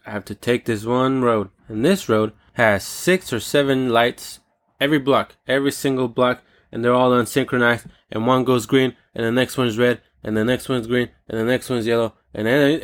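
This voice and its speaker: A man hosting a comedic solo rant, rambling and profane, with jokey digressions. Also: medium pitch.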